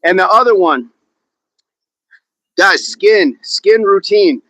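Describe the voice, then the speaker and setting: A man's voice: sits high, animated, slow pace, pushed and bright, no echo, poor audio. A man hosting a live workout stream outdoors, counting reps aloud and joking with the chat. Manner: jokey, laughs often, counts reps aloud. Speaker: fitness livestream host.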